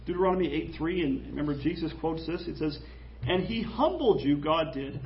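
A man preaching an animated, jokey sermon in church, acting out quoted voices. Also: a little high, a little fast, creaky, lo-fi sound, a little hiss or hum. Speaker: pastor.

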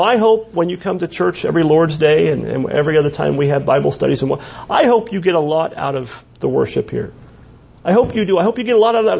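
Gravelly high-voiced male preacher. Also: darkish tone. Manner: conversational preaching with frequent restarts and asides. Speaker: pastor. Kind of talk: sermon. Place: church.

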